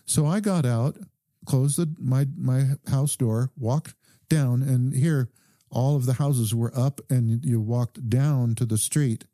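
A man, a doctor guest on a podcast, calmly telling a story and quoting the people in it. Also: medium pitch, no echo, clean studio sound. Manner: calm, measured recounting with quoted dialogue. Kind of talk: conversational storytelling.

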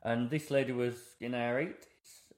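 A man's voice: medium pitch, steady tone, moderate pace, reverberant. A young man telling a rambling, self-mocking story in casual chat.

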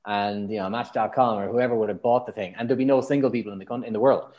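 A lowish-voiced man from Ireland talks at a quick clip. He's a matchmaker on a podcast, chatting candidly, bringing his stories to life and performing the things his clients told him.

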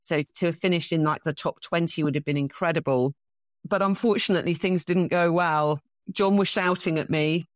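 A middle-aged English woman, a bridge champion being interviewed, telling self-deprecating stories in a casual, animated way. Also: deep voice, moderate pace, no echo, clean studio sound. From England.

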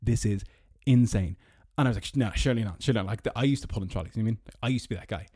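A man's voice: racing, mellow, slightly rough, no room sound, clean studio sound. Rambling young Irish man. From Ireland. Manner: rambling storyteller, sarcastic, mock-squeaky when mocking. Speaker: podcast host. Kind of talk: casual solo podcast monologue. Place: parked car.

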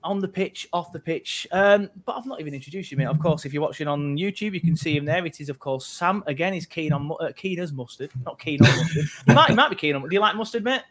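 Male podcast host, higher than average, loose and jokey. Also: lively intonation, fairly bright tone. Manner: chatty and jokey, with quick laughs and self-corrections. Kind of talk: casual football chat.

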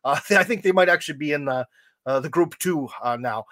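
Higher-voiced American man, dry sound. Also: brisk, fairly bright tone, no room sound. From United States. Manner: loose, rambling, wry asides. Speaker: podcast host. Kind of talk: casual chat.

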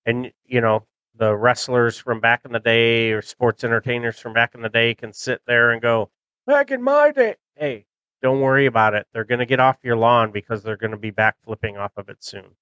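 Rambling middle-aged podcast host, smooth voice. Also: male voice, mid-range voice, level tone, brisk, pushed and bright, dry recording, lo-fi sound. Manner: rambling, nostalgic, with frequent fillers. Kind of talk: casual chat.

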